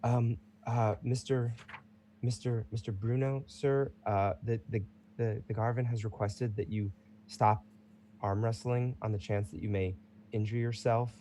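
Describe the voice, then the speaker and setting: A man's voice: medium pitch, level tone, a little slow, mellow, slight background noise, close to an everyday voice. Man doing a stammering timid servant. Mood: nervous. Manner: stammering, hesitant.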